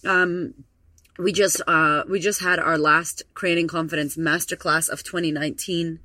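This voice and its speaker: A woman's voice: low voice, steady tone, normal speed, bright, forceful tone, dry recording. Gushing, profane woman podcast host. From Melbourne area. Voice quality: profane, gushing, emotional storyteller. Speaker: podcast host and confidence coach. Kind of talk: casual podcast monologue.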